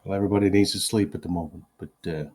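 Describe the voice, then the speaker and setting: A man playing a gruff soldier barking orders. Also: sits low, fairly even intonation, very fast, darkish tone. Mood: guarded. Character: gruff male soldier acting like a cop.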